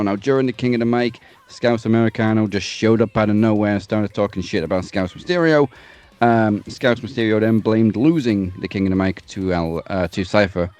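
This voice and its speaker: A man hosting a wrestling podcast, announcing the next match in a relaxed way. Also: lowish voice, no room sound. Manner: relaxed, with ums. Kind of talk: casual chat and announcing.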